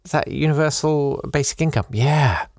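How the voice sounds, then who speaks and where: A man's voice: on the high side, normal speed, darkish tone, no room sound, studio quality. Self-deprecating man hosting a podcast. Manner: rambling, self-deprecating, chuckling asides. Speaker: podcast host. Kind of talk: casual chat reading listener messages.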